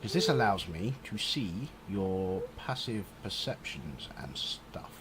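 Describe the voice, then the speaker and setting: A man running a tabletop game as dungeon master, talking in a relaxed way with many fillers. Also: low-pitched, slow pace, over a noisy crowd.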